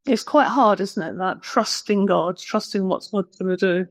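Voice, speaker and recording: A woman's voice: medium pitch, moderate pace, dry recording. A woman preaching a conversational sermon, plain-spoken and self-deprecating.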